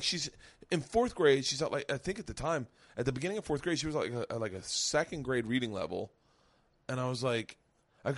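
A man's voice: medium pitch, lively intonation, brisk. A middle-aged man hosting a podcast, telling a profane story in casual chat and acting out the quotes as he goes. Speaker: podcast host.

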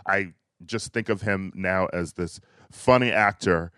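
A man's voice: low voice, measured pace, bright, forceful tone, clear, resonant tone, no room sound, clean studio sound. A man hosting a casual chat, steering the talk with questions and frequent chuckles. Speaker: podcast host.

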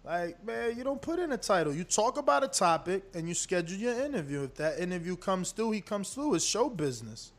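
A man's voice: high voice, very animated, a little fast, hardly any pauses. A man hosting a boxing livestream, talking loosely and emphatically, swearing often and rambling. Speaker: boxing podcast host. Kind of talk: casual livestream chat.

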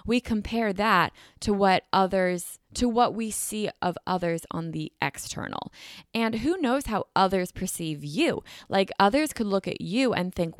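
Young woman vlogger, low-ish voice, candid chatty advice, dry close mic. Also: normal speed, dry recording. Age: 20s. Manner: chatty, candid, lots of "like" and "you know". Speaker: YouTuber and business owner. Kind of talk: casual talking-to-camera advice. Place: home room.

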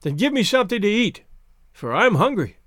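A man voicing an elderly island woman who speaks in a slow, dejected, plaintive way. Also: high-pitched, big pitch swings, a bit bright, no room sound, clean studio sound, pitched above the performer's own voice, full character voice. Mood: complacent.

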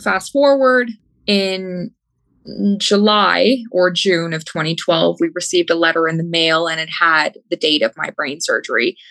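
A woman's voice: lowish voice, a little slow, creaky, a bit bright, no room sound, rough recording. A young woman recounting a personal story in an interview with candid humor. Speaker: guest.

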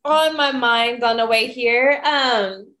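A woman's voice: a little high, slow, sharp tone. A woman guest on a podcast, speaking earnestly and thoughtfully with frequent "um" and "like.". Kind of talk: casual reflective chat.

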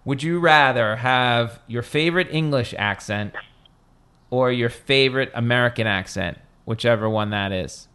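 Man, podcast host, casual chat, rambling, playful, mid pitch. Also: normal speed, sharp tone, smooth.

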